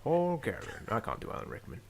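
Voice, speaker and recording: A man's voice: medium pitch, huge pitch swings, a little fast, gravelly. A man co-hosting a podcast, chatting playfully and poking fun at himself. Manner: playful, self-mocking. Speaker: podcast co-host. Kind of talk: casual banter.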